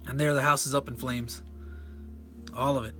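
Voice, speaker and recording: A man's voice: medium pitch, steady tone, moderate pace, bright, forceful tone, soft background music. A man casually walking through a comic, enthusiastic and rambling, often correcting himself. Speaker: comic reviewer.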